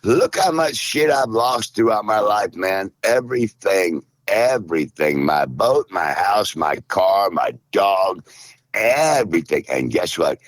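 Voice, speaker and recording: A middle-aged man hosting a podcast, griping and rambling in profane, gruff comedic banter. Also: sits low, animated, a little slow, dry recording. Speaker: podcast host.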